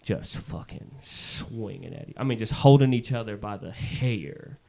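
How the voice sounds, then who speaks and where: Animated man telling a wild story. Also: fairly low pitch, measured pace, gravelly. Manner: animated, swears freely, acts out others' voices. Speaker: podcast guest. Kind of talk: casual comedic storytelling.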